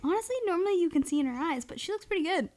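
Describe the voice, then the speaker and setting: A young woman co-hosting a podcast, telling a crude story in casual chat, animated and laughing often. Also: very high voice, rapid-fire. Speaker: podcast co-host.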